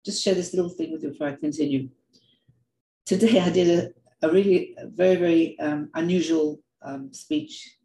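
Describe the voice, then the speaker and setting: An older woman giving a heartfelt personal talk, telling stories in an earnest, animated way and often repeating words. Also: low voice, normal speed, reverberant, low-quality recording. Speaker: speaker sharing reflections.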